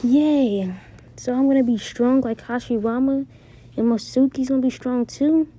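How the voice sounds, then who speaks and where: A woman's voice: mid-range voice, steady tone, a little fast, dark tone, lightly acted. A woman voicing a cheerful, brash young boy ninja in an improvised spoken fan story, in a plain everyday delivery. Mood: excited.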